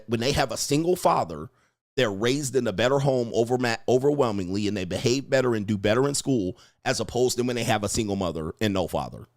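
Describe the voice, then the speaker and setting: A man's voice: medium pitch, no echo, studio quality. A man hosting a casual commentary show, talking bluntly and profanely and acting out quotes in other voices. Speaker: relationship commentator and host. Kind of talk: casual commentary reacting to clips.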